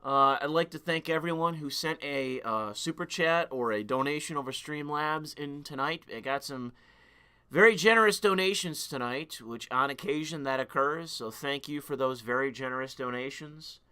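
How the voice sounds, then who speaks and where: A young man hosts a livestream in a profane, heated rant, stumbling into restarts as he goes. His voice sits somewhat high and sounds very bright and crisp. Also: moderate pace. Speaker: livestream host. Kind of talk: ranting livestream monologue.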